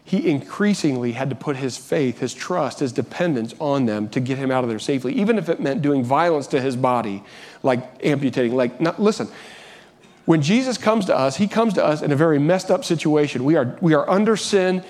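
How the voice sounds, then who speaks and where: A man's voice: a little high, animated, a little fast, darkish tone. A man preaching a sermon as pastor, earnest, often restarting and repeating phrases, rising when he urges.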